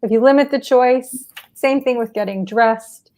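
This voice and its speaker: A woman's voice: a little high, unhurried, dark tone. A woman who works in dementia care, chatting casually and giving practical advice with everyday examples. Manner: practical, anecdotal, acts out what she says to seniors. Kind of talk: casual interview chat.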